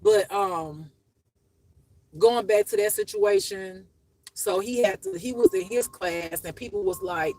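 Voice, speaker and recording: A woman recounts her life casually in a raw, profane and emotional way, often rambling. Her voice has a gravelly fry. Her pitch sits in an ordinary middle range. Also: huge pitch swings, measured pace, darkish tone, no echo, soft background music, poor audio. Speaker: spiritual life teacher. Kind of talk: casual personal storytelling.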